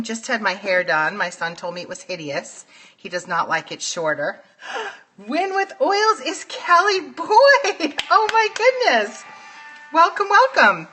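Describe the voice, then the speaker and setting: A woman's voice: high-pitched, a bit bright. A woman with a New York accent hosting a casual phone livestream from home, gushing as she greets viewers by name. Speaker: livestream host.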